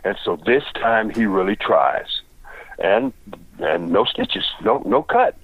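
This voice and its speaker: A man's voice: on the low side, animated, slow pace, slightly rough. An older man, a retired wrestler telling a long story in a rambling, folksy way with lots of repeated words. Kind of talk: casual storytelling. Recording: dry phone-like line.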